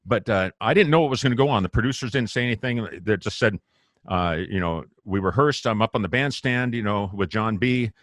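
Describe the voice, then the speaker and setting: A man being interviewed as a guest musician, telling stories in a lively, casual way, laughing often and acting out what people said. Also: fairly low pitch, a little fast, dry recording, clean studio sound. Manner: animated, laughs often, acts out quotes. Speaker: guest bassist.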